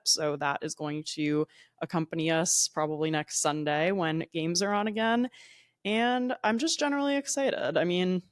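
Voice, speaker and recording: A woman's voice: low voice, no room sound, studio quality. A young woman with a New Jersey accent hosting a solo podcast from home, chatty and upbeat, laughing often and wandering into tangents. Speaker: podcast host.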